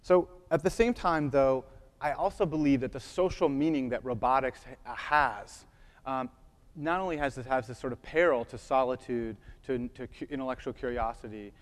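A man's voice: medium pitch, moderate pace. Chatty man lecturing in a hall. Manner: casual, many fillers, checks in with audience. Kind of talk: conference talk.

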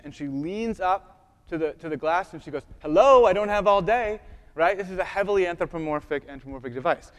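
Chatty man lecturing in a hall. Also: a little high. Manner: casual, many fillers, checks in with audience. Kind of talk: conference talk.

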